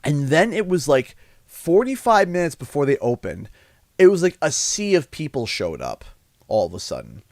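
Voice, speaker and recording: A man rambling through stories on a livestream, his pitch bouncing up and down as he gets animated. His voice sits a touch high for a man and sounds close and dry, and he keeps breaking into laughter at his own jokes. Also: normal speed, gravelly, dry recording. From Canada. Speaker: streamer. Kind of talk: casual livestream chat.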